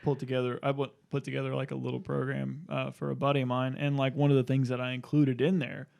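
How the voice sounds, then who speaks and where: A man's voice: mid-range voice, completely flat delivery, quick pace, vocal fry, a little mellow. A man co-hosting a fitness podcast, explaining training in casual chat with many fillers and restarts.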